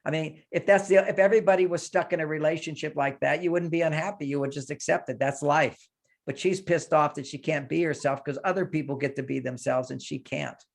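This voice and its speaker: A man's voice: a little high, fairly even intonation, brisk, gravelly. A man leading an emotional coaching session, emphatically voicing anger in the first person to demonstrate the exercise.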